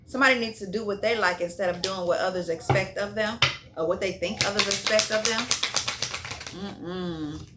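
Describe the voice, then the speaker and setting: A woman's voice: mid-range voice, normal speed, noisy background. A woman giving a casual tarot reading in a blunt, profane way, repeating herself and checking in with "okay?". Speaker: tarot reader.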